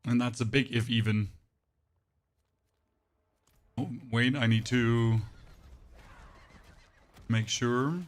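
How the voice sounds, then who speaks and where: Brief: male game streamer, flat monotone chat, medium pitch, casual. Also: slow, long pauses. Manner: monotone, dry delivery. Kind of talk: casual live-stream chat while gaming.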